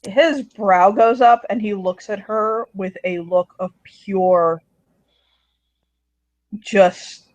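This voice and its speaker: A man running a tabletop role-play game as storyteller, narrating and voicing a stern warrior in hushed tones. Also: high-pitched, extremely slow, pauses often, dry recording, rough recording.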